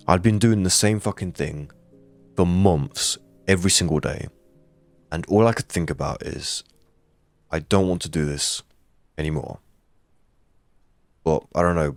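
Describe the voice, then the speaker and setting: Young man, low voice, blunt and earnest, swears freely in a storytelling monologue, soft music underneath. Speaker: creator giving life advice.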